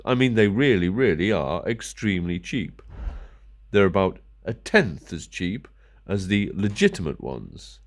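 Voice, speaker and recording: A middle-aged vlogger with a low-pitched, very animated voice rants casually to camera at a measured pace. He grumbles sarcastically and mutters to himself as he works.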